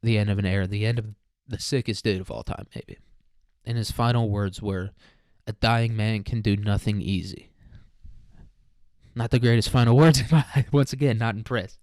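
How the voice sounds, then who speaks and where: A man's voice: mid-range voice, brisk, darkish tone, no echo, studio quality. A young man hosting a casual solo podcast, rambling, profane and jokey. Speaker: podcast host.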